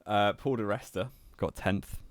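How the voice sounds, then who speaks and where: Young man, low voice, dry teasing co-host, dead-dry close recording. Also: unhurried, no echo. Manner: dry, teasing, laughs often. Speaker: podcast co-host. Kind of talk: casual chat.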